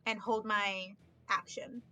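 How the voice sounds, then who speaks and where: A woman's voice: mid-range voice, steady tone, slow pace, bright, forceful tone. A woman playing a tabletop game, casually thinking aloud and counting her dice. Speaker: player.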